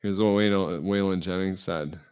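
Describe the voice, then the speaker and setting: A man's voice: low voice, steady tone, moderate pace, smooth, muffled recording. A middle-aged man talking alone to his vlog audience in a meandering, self-deprecating monologue full of fillers. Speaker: vlogger. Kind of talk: rambling solo monologue. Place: indoors, alone.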